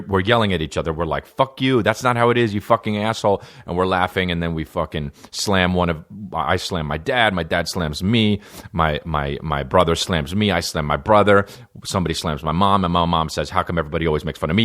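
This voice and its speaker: Male podcast host, thirties, lowish voice, loose, profane comic rambling with lots of restarts. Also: a bit bright. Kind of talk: casual comedic monologue.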